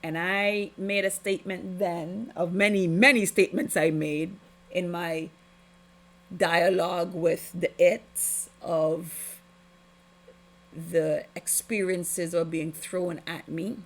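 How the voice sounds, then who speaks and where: A woman's voice: fairly low pitch, steady tone, slow pace. A woman hosting a podcast, giving an impassioned, preachy spiritual testimony with heavy emphasis. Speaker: podcast host.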